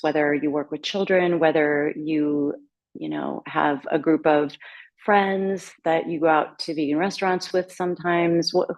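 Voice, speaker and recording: A woman musician giving a casual conference talk, searching for words, with many pauses and restarts. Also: lowish voice. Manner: warm-hearted, searching, with many fillers and restarts. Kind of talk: casual presentation.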